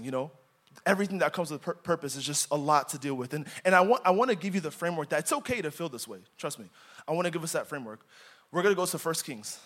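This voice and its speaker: A young man preaching in a church, his voice sitting high for a man. He leans hard on key words and then drops to quiet, intimate asides, reading scripture with dramatic force. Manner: dramatic, swings from loud emphasis to quiet asides. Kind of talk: sermon.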